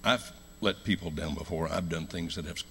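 An American man preaching a sermon in a church, telling a story with loud emphatic lines and hushed low ones. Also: moderate pace, a little hiss or hum. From United States.

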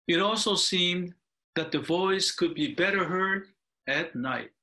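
An older male minister reads a picture book aloud at a slow, unhurried pace. His voice is bright and a little high, and he pauses now and then to explain the story. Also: low-quality recording. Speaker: Buddhist minister. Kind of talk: reading a picture book within a sermon.

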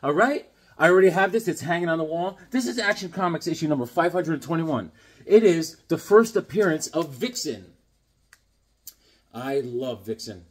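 A man's voice: fairly high pitch, expressive, moderate pace, slightly rough. A middle-aged man chatting casually about comics he got, rambling with enthusiasm and acting out voices as he tells stories. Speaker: comic collector vlogger. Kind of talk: casual unboxing chat with stories.

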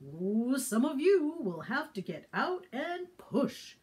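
A woman's voice: high voice, sing-song, takes it slowly, a little mellow, full character voice. A woman voicing a kindly man who drives farm animals and children, with a cheerful, encouraging storybook voice.

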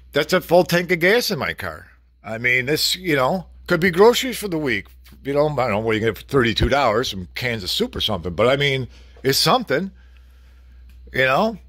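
A man's voice: fairly high pitch, fairly bright tone, dry recording, studio quality. A middle-aged man venting in a blunt, casual vlog rant, swearing freely and talking to the camera. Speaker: vlogger.

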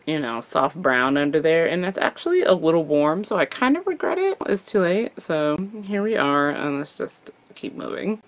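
A woman's voice: low-pitched, sing-song, normal speed, hardly any pauses. A young adult woman vlogger chatting casually through a makeup tutorial, playful and chatty, tossing in little sound effects. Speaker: beauty vlogger.

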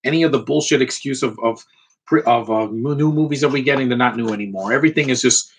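Thirties man, husky voice, casual opinionated vlogger, swears often, mid pitch. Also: fast. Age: 30s. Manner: opinionated, frequent mild swearing, rambling asides. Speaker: collector showing his items. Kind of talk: casual ranting vlog.

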